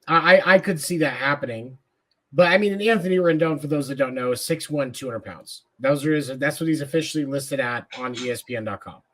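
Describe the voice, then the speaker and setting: A man's voice: on the high side, brisk, a bit bright. A man co-hosting a sports podcast, talking bluntly and casually with profanity and jokes. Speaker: podcast co-host.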